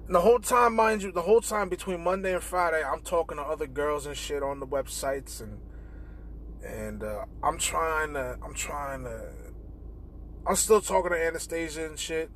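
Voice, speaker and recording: A man's voice: on the high side, normal speed, slight background noise. Young man telling a profane story. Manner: profane, animated retelling with quoted dialogue. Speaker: podcast host. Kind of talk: casual storytelling. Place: in a car.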